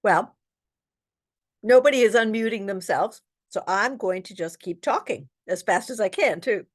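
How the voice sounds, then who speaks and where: In an online exam-prep class, a woman who teaches real estate exam material reads out questions and walks through the answers, saying "um" often. Her voice is mid-range and her pace moderate.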